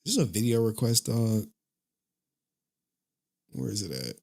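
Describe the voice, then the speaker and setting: A man's voice: lowish voice, big pitch swings, darkish tone. A man hosting a live stream, reacting casually and laughing at clips. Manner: laid-back, laughing, slow-paced reactions. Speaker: stream host.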